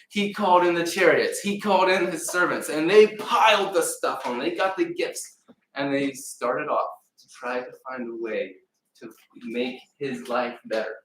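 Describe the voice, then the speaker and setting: A man preaching a sermon in a church, retelling a story with lively acted-out voices. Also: mid-range voice, a little slow, slight background noise. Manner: animated storyteller acting out voices. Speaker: pastor. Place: church sanctuary. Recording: echoey room, mic at a distance.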